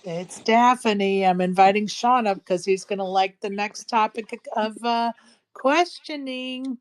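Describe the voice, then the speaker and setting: A woman hosting a casual trivia night in an online group audio chat, chatty and quick to joke and laugh. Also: medium pitch. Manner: chatty, laughs easily, jokes around. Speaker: host.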